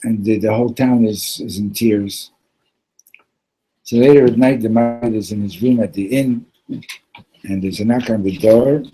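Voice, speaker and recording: Husky-voiced man teaching a casual class. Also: on the low side, fairly even intonation, normal speed, long pauses, dark tone, poor audio. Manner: loose, conversational, with restarts and Hebrew terms. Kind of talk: Torah class with storytelling.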